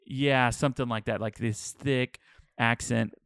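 A man's voice: medium pitch, unhurried, clean tone, dry recording. Chatty man, dry close sound. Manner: rambling, animated storyteller. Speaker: podcast co-host. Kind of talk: casual chat.

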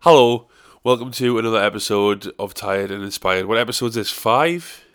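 A young man with a fairly low voice opens his podcast on his own in an easy, rambling way. He jokes about himself and wanders off on loose asides as he talks. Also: moderate pace, fairly bright tone, clean tone. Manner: rambling, self-deprecating, jokey. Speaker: podcast host. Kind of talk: casual solo podcast intro.

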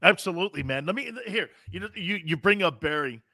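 Bright, animated man telling stories. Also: sits high, brisk, gravelly, dry recording, studio quality. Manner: animated storyteller, slangy, peppers talk with "man". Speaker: co-host. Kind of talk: casual sports talk.

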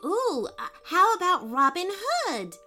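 Woman doing an eager kid, bright high voice, storybook. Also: big pitch swings, slow, soft background music, exaggerated voice. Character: eager young boy, quick to answer.

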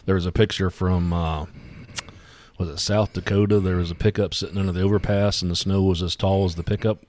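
A man with a fairly low voice, chatting loosely as one of the hosts of a podcast. He rambles through folksy stories, circling back and restarting his sentences. A faint hiss of noise sits under the recording. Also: steady tone, a little fast, a little mellow. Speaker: podcast co-host. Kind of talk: casual chat.

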